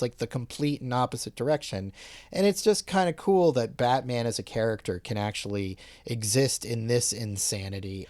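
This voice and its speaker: A man in his forties chatting casually about a movie, telling scenes with animated enthusiasm. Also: medium pitch, no room sound, studio quality. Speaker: co-host of film review show. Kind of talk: casual film discussion.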